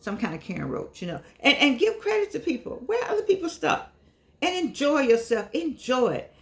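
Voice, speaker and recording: An older woman chatting casually to her viewers in a vlog, lively and affectionate, wandering from one aside to the next. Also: high voice, fairly quick. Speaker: vlogger.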